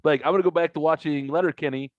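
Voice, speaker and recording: A man co-hosting a casual podcast, telling animated stories, acting out other people's voices and swearing freely. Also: a little high, very fast, no room sound. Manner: animated storyteller, acts out quoted voices, swears. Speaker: podcast co-host. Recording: dull, dry lo-fi recording.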